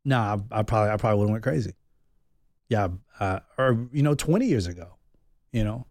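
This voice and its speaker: A man's voice: fairly low pitch, lively intonation, fairly quick, a little mellow, no room sound. A man in his thirties, a podcast guest, talking openly and reflectively in a candid personal conversation, thinking aloud as he goes.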